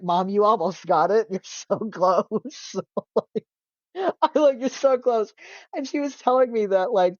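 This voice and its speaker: A man talking as a podcast guest, loose and chatty, with lots of filler words and easy swearing. His voice is warm and mellow in a dry, close sound. The audio is a bit dull and lo-fi. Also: high voice, dry recording. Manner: casual, animated storytelling, heavy use of "like", swears freely. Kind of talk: casual interview chat.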